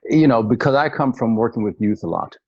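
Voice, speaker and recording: A man with a gravelly, raspy voice joins the podcast as a guest who coaches youth. His sound is dull and dry, and he talks earnestly, stumbling over repeated words. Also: mid-range voice, expressive, moderate pace, no echo. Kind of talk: conversational podcast talk.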